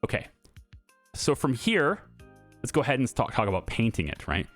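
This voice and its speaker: A man's voice: medium pitch, sing-song, normal speed, soft background music. A man giving casual gameplay commentary, thinking aloud with fillers and restarts as he builds. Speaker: gaming YouTuber.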